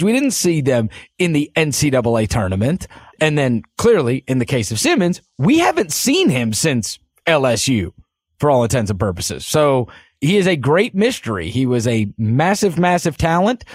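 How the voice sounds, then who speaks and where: Man, sports podcast co-host, husky voice, lively swings in pitch, dry close mic. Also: no room sound. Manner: animated, with loud put-on voices and laughter. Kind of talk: casual sports podcast chat.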